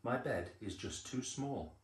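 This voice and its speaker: An older man voicing a kindly, gentle old park keeper in a storybook, mild and a little fussing. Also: mid-range voice, expressive, measured pace, recorded from a distance, pitched above the performer's own voice, close to an everyday voice. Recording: roomy echo.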